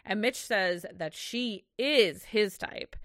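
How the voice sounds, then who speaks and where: Chatty woman with a bright voice. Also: medium pitch, no room sound, studio quality. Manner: rambling, lots of "like", quick laughs. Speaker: podcast co-host. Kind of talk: casual recap chat.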